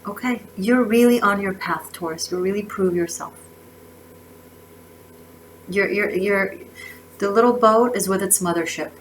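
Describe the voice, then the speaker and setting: A woman's voice: mid-range voice, unhurried, pauses often, a little hiss or hum, rough recording. A woman giving a casual tarot reading, effusive and emotional, often restarting her words. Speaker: tarot reader.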